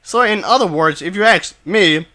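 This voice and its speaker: A man giving an opinion commentary, talking in halting bursts with many restarts and repeated phrases, blunt and dismissive in his views. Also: high-pitched, lively intonation, sharp tone. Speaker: video commentator.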